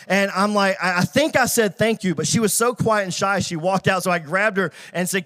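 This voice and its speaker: A middle-aged man pastor preaching a sermon, telling a story and rising to shouted praise. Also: high voice, a little fast, hardly any pauses.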